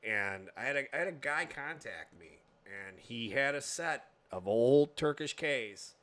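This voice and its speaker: A man in casual chat about drums, animated and chatty, often saying "man". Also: mid-range voice, a little slow, no room sound.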